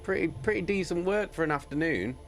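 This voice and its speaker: A man's voice: on the high side, brisk, slight background noise. A man hosting a casual livestream, reacting with a lot of swearing and frequent laughter. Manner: animated, sweary, laughs often. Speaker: livestream host reacting to an audiobook.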